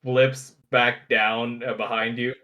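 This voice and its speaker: A man narrating as game master of a tabletop game, speaking haltingly with many restarts. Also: medium pitch, little pitch movement, pushed and bright, slight background noise. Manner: halting, full of fillers and restarts.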